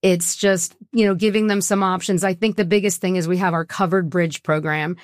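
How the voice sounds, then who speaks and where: A middle-aged woman with a fairly low voice tells her own story as a guest in a casual interview. She talks in an earnest, heartfelt way. The sound is dry and close, with no room around it. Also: steady tone, fairly quick, dry recording. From Southwest Florida. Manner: earnest, personal, emotional storytelling. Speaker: guest, nonprofit co-founder.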